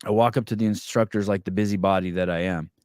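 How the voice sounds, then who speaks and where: A man hosting a podcast, telling a long story in a casual, animated way, swearing often and restarting his sentences. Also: low-pitched, fast talker, clear, resonant tone, no room sound, studio quality. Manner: animated, profane, rambling with many restarts. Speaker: podcast host.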